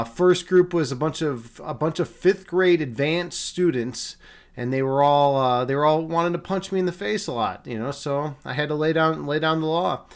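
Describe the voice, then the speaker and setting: High-voiced rambling streamer man from Chicago. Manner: rambling, repeats words, frequent fillers. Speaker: streamer host. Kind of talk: casual live-stream chat.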